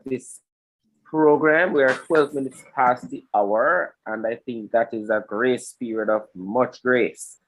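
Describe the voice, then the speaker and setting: A man hosts a live webinar over a video call, talking in an easy, improvised way. His voice sits at an ordinary middle pitch. The computer-mic audio cuts in and out. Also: takes it slowly, fairly bright tone, slight background noise, rough recording. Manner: chatty, improvising through technical trouble. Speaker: webinar host. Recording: broken-up online call audio.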